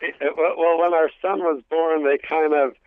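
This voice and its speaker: A stand-up comedian from New York City with a New York accent, telling family stories in a casual interview, full of restarts and acted bits. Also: male voice, fairly high pitch, steady tone, normal speed, dry recording. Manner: storytelling with acted family voices, many restarts. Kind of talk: casual radio interview chat. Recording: tinny phone line.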